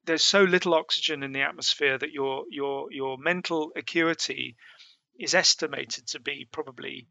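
Gravelly man telling a survival story. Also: on the high side, pushed and bright, no echo. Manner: halting, with many restarts and fillers. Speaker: mountaineer telling his story. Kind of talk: casual spoken storytelling.

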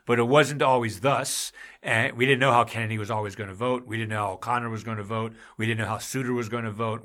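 A man's voice: fairly low pitch, bright, forceful tone. Emphatic man hosting a podcast. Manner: emphatic, gets heated and raises his voice; frequent restarts and repetitions. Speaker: podcast host. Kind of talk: casual chat about law.

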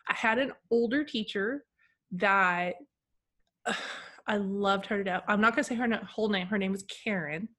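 A woman's voice: medium pitch, normal speed, fairly bright tone. A woman who works in school IT support, casually telling funny stories and laughing often. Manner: chatty, giggly storyteller. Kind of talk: casual podcast chat.

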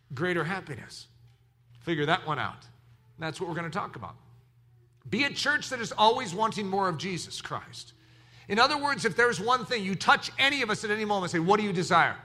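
Preaching as pastor of his church, a man with a high-pitched voice speaks at normal speed. He's animated, shifting from quiet asides to shouted exclamations.

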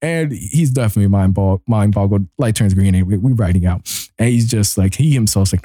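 A male podcast host telling a story in casual, slangy talk. He laughs often and jumps into high, excited voices when he acts out his own reactions. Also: a little fast, dry recording, clean studio sound. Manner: slangy and loose. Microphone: desk mic he bumps.

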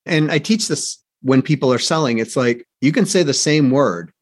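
Guy who coaches sales, interview, rambly and upbeat, lots of "right?", average pitch. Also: lively intonation, normal speed. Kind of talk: conversational interview storytelling.

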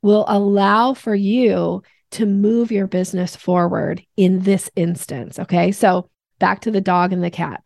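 A woman guest on a podcast, explaining sales steps in an energetic teaching manner. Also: medium pitch, vocal fry, no room sound, clean studio sound. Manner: energetic teacher, acts out voices in examples.

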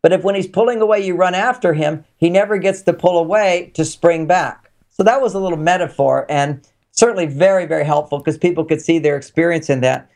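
A man's voice: on the high side, a little fast, darkish tone. A man being interviewed as a relationship author, talking casually and explaining his ideas through anecdotes.

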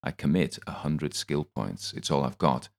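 Man, audiobook narration, first person, steady, very deep voice. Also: moderate pace, gravelly.

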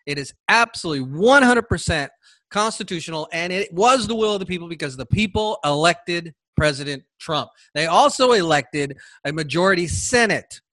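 A man's voice: fairly high pitch, expressive, moderate pace, pushed and bright, dry recording. A man hosting a solo political commentary podcast, talking with sarcasm and mocking asides. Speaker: podcast host.

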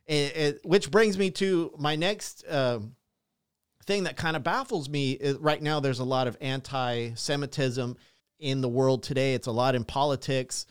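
A man hosting a casual podcast chat, an animated storyteller who laughs often and swears freely. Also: medium pitch, measured pace, smooth. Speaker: podcast host.

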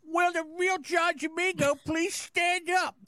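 A man putting on a high, mocking voice for a rival podcaster who is reading out insults. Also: steady tone, unhurried, sharp tone, no echo, studio quality, exaggerated voice. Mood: sneering.

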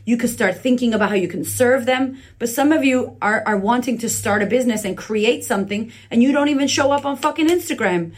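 Husky, blunt woman giving a profane pep talk. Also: on the high side, expressive, fairly quick. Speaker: podcast host. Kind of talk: motivational podcast talk. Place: indoors. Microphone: phone camera leaning on a laptop.

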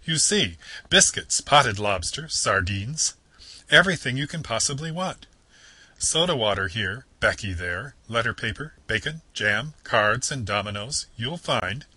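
A man voicing a boastful, conceited male toad gentleman from a storybook, excitable and pompous. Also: medium pitch, slow pace, hardly any pauses, slightly rough, dry recording, pitched above the performer's own voice, exaggerated voice. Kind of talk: reading a storybook excerpt aloud.

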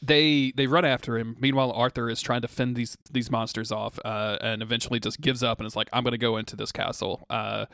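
A man's voice: mid-range voice, level tone, brisk, creaky, few pauses, a bit bright, no room sound, studio quality. A man co-hosting a podcast, recapping a TV episode in casual chat, laughing often and mock-quoting the characters.

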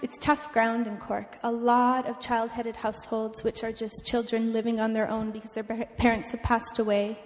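Young woman sharing a heartfelt mission story, earnest and halting, echoing hall. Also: a little high, darkish tone. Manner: emotional, earnest, halting with restarts. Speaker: mission testimony speaker. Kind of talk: personal testimony talk. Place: church event hall. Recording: long hall reverb.

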